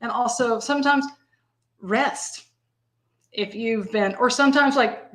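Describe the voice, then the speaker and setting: A woman's voice: a little high, slow, pauses often, fairly bright tone. A woman in her fifties in casual live-stream podcast talk, rambling and conversational, often laughing. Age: 50s.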